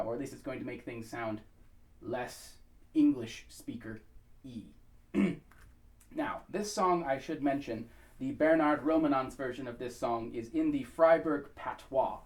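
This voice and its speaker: An American man of medium pitch talks through a pronunciation lesson in an easy, unhurried way, pausing often to find his words. He sits a little back from the microphone, so his voice sounds somewhat distant. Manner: thoughtful, many ums and uhs, sings short vocable demonstrations. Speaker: pronunciation instructor. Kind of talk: relaxed spoken tutorial.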